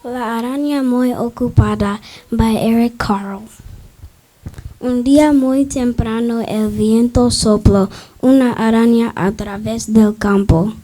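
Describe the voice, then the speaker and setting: A woman reading a children's picture book aloud at a school festival, slow and careful. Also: a little high, fairly even intonation, dark tone, rough recording.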